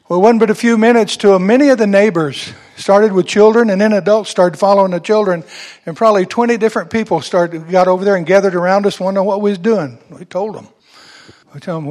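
A man's voice: sits high, fast talker, a little mellow. A man pastor telling a personal story in a sermon, building to fervent preaching.

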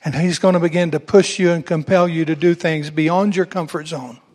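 A man's voice: a little high, steady tone, normal speed, a little mellow. A man pastor telling a personal story in a sermon, building to fervent preaching.

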